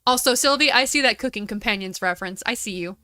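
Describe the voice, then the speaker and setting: A woman with an American Valley Girl accent chats casually and swears while streaming a game, tossing in quick asides. Her voice sits on the high side, pushed and bright, with no echo.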